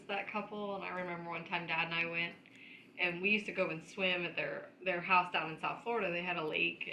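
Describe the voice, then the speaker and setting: A woman tells a family story on a podcast, chatty and quick to laugh. Her voice is bright and sharp. The room is echoey, with a faint noise behind her. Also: on the low side. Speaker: podcast co-host. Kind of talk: casual storytelling chat.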